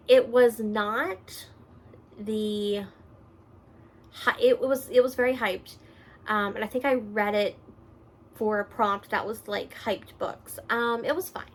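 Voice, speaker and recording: This is a woman chatting through a casual book vlog from a room at home. She is animated and quick to laugh. Her voice jumps between loud exclaims and soft, half-whispered asides. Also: mid-range voice. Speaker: book reviewer host.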